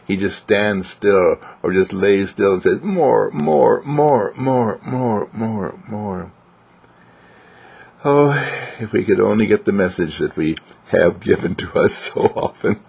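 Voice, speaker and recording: A man with a low, gravelly voice delivers an inspirational spiritual talk. He speaks gently and without hurry, letting his tone sink to near-whispers. There is a husky edge to his voice. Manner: gentle and unhurried, dropping to soft whispers. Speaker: dean giving a daily spiritual message.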